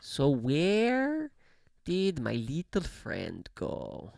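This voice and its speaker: A game streamer drawls his words with vocal fry and wildly swooping pitch, his mid-range voice darkish in tone and the recording dry. Chatting casually into a pop-filtered studio mic, he rambles, fills, corrects himself, and laughs often.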